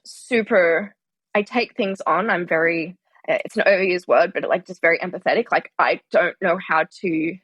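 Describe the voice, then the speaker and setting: A woman's voice: on the low side, fairly bright tone, slightly rough, no room sound. A woman yoga teacher speaking as a podcast guest, earnest and heartfelt, with many "like" fillers. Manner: earnest, heartfelt, frequent "like" fillers, laughs easily. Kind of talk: reflective interview conversation.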